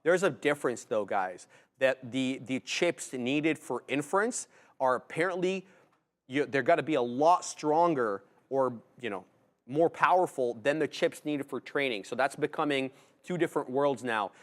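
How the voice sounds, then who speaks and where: A man's voice: medium pitch, expressive, normal speed. A man co-hosting a live trading stream, talking casually and slangy as he thinks aloud about his trades. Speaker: day trader co-host.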